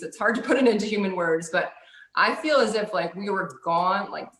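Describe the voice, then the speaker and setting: A woman's voice: on the low side, a bit bright. Woman guest, loose chatty storyteller, filler-heavy, roomy echo around her voice. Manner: rambling, many "like"s, laughs often. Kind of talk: casual spiritual storytelling. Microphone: video call.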